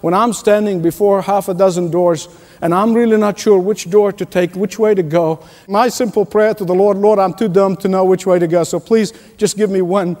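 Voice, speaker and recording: High-voiced preaching man in a hall. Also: steady tone, moderate pace, a little mellow. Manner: emphatic preaching with repetition and chuckles. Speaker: pastor. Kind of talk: sermon.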